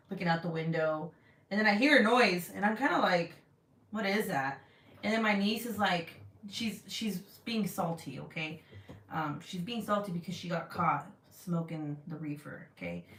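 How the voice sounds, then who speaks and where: Chatty woman, roomy and far from mic. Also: mid-range voice. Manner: animated, laughs often, swears casually. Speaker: vlogger reading live chat. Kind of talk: casual storytelling livestream. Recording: roomy sound, mic set back.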